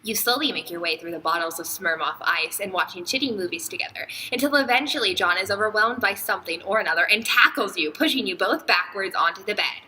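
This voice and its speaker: Young woman, playful fan fiction reading, extremely bright, faint hiss. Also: medium pitch, expressive, fast, few pauses, rough recording. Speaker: reader.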